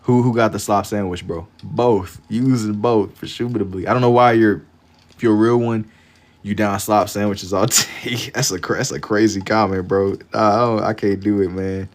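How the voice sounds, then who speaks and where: Laid-back slangy man with a low voice. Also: fairly even intonation, normal speed. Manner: laid-back, slangy, repeats phrases while thinking. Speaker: livestreamer drawing for chat. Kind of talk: casual live-stream chat.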